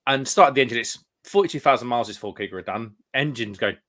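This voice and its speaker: A man tells a long, rambling story in a relaxed chat among friends. He mid-pitched voice and acts out each line of dialogue as he goes. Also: fast talker. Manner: rambling anecdote teller, acts out quotes. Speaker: live stream co-host. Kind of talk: casual pub chat.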